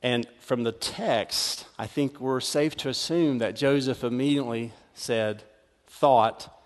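A man's voice: mid-range voice, slow. A middle-aged male pastor preaching a sermon in a conversational style, repeating words as he builds, in a large church hall. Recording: long hall reverb.

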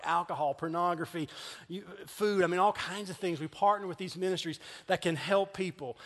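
A man preaching a sermon as pastor, earnest and conversational, dropping to a hush and then lifting into animated storytelling. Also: high voice. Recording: long reverb of a church hall.

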